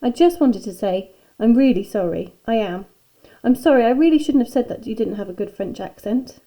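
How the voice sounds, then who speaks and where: A woman's voice: a little high, lively intonation, normal speed, mellow. A woman reading aloud as a hesitant, polite schoolboy in a children's storybook. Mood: nervous.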